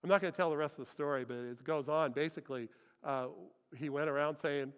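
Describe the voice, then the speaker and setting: A man preaching a sermon as pastor, telling stories in an animated way and acting out the people he quotes. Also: on the high side, a little fast, clean tone. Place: church hall. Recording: long hall reverb.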